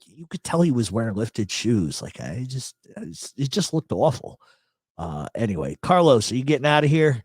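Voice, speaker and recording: Lively, profane male livestream host. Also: medium pitch, dry recording. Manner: rambling, profane, joking. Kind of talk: casual livestream chat reading comments. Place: apartment in a big city.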